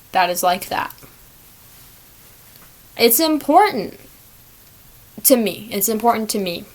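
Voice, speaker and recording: A woman's voice: mid-range voice, fairly bright tone. A young adult woman hosting a solo podcast, chatting in a rambling, self-deprecating way. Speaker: podcast host. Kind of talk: casual solo podcast monologue.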